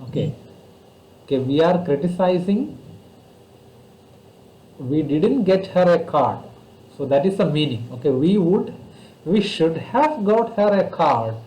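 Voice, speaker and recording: A man with an Indian English accent from Kerala, teaching grammar online over a video call, explaining slowly and patiently with many fillers. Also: a little high, big pitch swings, mellow, roomy sound, low-quality recording. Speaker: English tutor.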